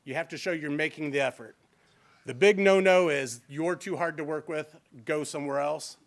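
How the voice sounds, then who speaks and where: Male trainer, informal and conversational, slightly raised pitch, lecturing a room on a handheld mic. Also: normal speed. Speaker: fair housing trainer. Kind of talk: workshop lecture. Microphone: handheld microphone.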